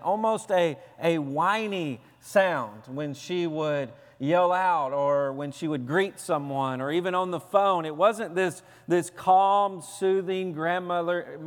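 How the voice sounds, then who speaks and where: Pastor from the American South, male, high voice, earnest storytelling sermon, long echo of a church hall. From Southern United States. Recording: long reverb of a large hall.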